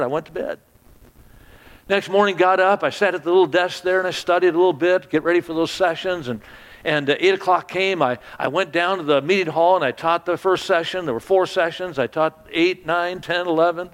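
A man preaching, telling a personal story in a sermon, stammering on restarts and sinking to a hush at the sad moments. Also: sits high, fairly quick, long reverb tail.

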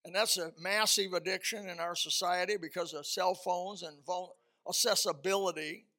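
A man preaching a sermon, telling a counseling story and repeating words for stress, his voice swelling louder at key points. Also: high voice, steady tone, moderate pace.

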